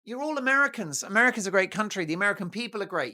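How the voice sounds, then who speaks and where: A man hosting his own talk show, talking straight to his viewers in a jokey, animated monologue. His pitch swings widely as he riffs, teases and drifts into playful asides. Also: very fast, few pauses. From United Kingdom. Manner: playful, jokey, breaks into mock Italian and snatches of song.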